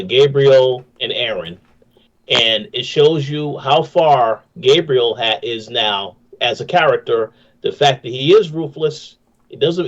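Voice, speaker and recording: A man making a quick comment in a casual podcast discussion. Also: mid-range voice, dull audio. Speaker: podcast co-host.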